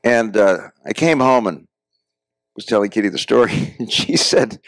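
A man's voice: fairly low pitch, expressive, moderate pace, dry recording. An older American man telling personal anecdotes to a class, often addressing the audience as folks. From United States. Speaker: guest speaker. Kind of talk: storytelling lecture. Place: classroom or lecture hall.

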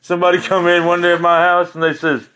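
A man's voice: high-pitched, monotone, fast, bright, forceful tone, clean tone. A man chatting casually on a live stream, rambling and joking, with frequent laughter. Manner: rambling and jokey, laughing often.

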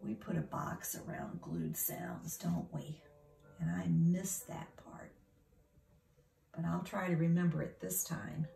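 A woman's voice: on the low side, steady tone, slow, gravelly, mellow, soft background music. A woman teacher giving a phonics lesson to young children, speaking patiently, sounding out the parts of words and sometimes dropping to a whisper.

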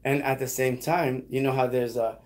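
A man teaching a beginner one-on-one in a casual lesson, patiently repeating words slowly. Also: medium pitch, steady tone. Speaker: Arabic teacher.

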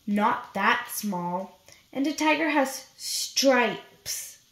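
A woman's voice: on the high side, animated, drawn-out words, a bit bright, exaggerated voice. A woman voicing a teasing storybook animal that mocks a small mouse. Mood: mocking. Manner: scoffing, mocking. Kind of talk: storybook read-aloud. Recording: roomy echo.

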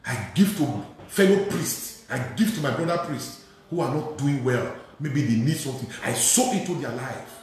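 A priest preaching a sermon, telling a testimony with emphatic repetition and acting out the dialogue. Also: male voice, mid-range voice, expressive, normal speed, a little mellow, a little hiss or hum. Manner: emphatic, repeats phrases, acts out dialogue. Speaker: Catholic priest. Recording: very echoey hall.

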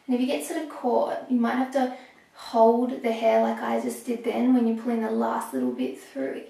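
A young woman talking through a hair tutorial step by step, a little hoarse as she is losing her voice. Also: on the high side, flat delivery, dark tone, far from the mic. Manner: chatty, explaining step by step with pauses. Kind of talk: casual how-to talk while working. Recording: echoey room, voice off-mic.

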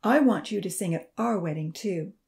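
A woman's voice: mid-range voice, animated, normal speed, creaky. A woman voicing a proud, cheerful young woman in a storybook reading, speaking with a smile. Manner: smiling, warm.

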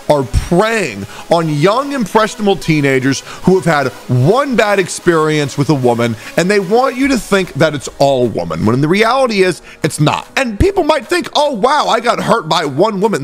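A man in candid personal talk, earnest and blunt, swearing often. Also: a little high.

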